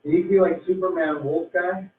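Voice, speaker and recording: A man's voice: high voice, steady tone. Emphatic man on a tinny, echoey call. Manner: emphatic, repetitive, drawn-out for emphasis. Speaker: motivational speaker. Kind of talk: motivational talk to a group call. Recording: tinny, roomy, distant from mic.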